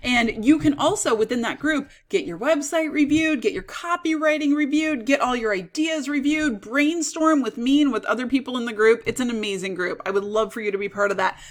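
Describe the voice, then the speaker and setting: A woman coach giving an upbeat, persuasive sales pitch for her online course. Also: a bit bright. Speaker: business coach.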